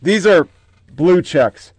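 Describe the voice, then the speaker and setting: A man's voice: sits high, lively intonation, slow, slightly rough, dry recording. A man hosting a political commentary show, reading out headlines in short clipped bursts with profane, mocking asides.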